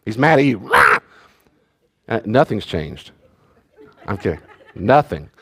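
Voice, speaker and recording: This is a man with a fairly low voice, a pastor leading a church study class. He talks in a loose, conversational way and drops in joking asides to the people in the room. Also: sing-song, slow.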